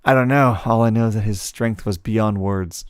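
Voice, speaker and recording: A man's voice: fairly low pitch, moderate pace, clear, resonant tone, no room sound, clean studio sound. A man streaming a game, casually commenting and reading its dialogue aloud with playful voices and frequent laughs. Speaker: let's play streamer. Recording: faint game music behind.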